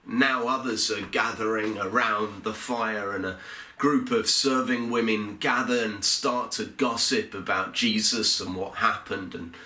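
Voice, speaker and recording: An actor playing a remorseful, fearful fisherman disciple in an earnest first-person church monologue, told with halting, heavy pauses. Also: lowish voice, fairly even intonation, bright, forceful tone, reverberant. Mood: tense.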